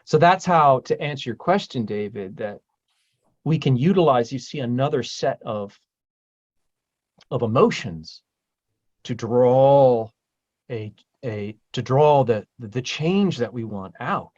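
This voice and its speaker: A man's voice: lively intonation, takes it slowly, lo-fi sound. A man hosting a casual group talk as a spiritual teacher, emphatic and blunt, swearing freely. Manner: emphatic and profane, swings loud and high when stirred.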